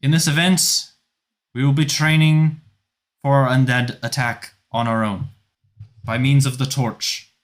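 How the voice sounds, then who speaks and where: A man voicing a stern woman military leader who barks loud orders to a crowd. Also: mid-range voice, steady tone, measured pace, long pauses, voice pushed up, lightly acted. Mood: commanding.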